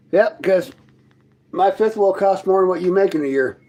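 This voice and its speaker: This livestream host sits in his fifth-wheel trailer, trading combative, sarcastic jabs with his chat. He speaks a little slowly in a high, creaky, mellow voice with big pitch swings, over poor audio.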